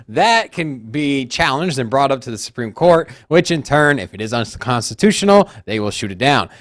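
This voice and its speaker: A man co-hosting a casual crypto chat, blunt, joking and quick to argue. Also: medium pitch. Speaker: podcast co-host.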